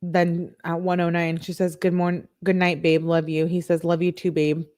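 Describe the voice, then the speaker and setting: A woman with a slightly low voice reads a string of text messages aloud on a live stream. She gives the quoted lines a flat, plain read. Now and then she stops to talk with her viewers. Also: moderate pace. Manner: flat reading of quoted messages, broken by asides to chat. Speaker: true crime YouTuber.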